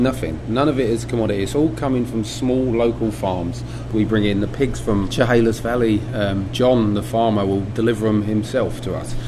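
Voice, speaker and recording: A middle-aged man from England, a butcher shop owner talking in a documentary interview, relaxed and reflective with many ums and restarts. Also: on the low side. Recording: air conditioning hum behind.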